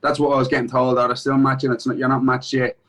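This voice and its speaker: A man's voice: medium pitch, flat delivery, fast, a bit bright, low-quality recording. A man with an Irish accent, an MMA fighter being interviewed in casual chat, swearing freely and repeating "do you know what I mean" between thoughts.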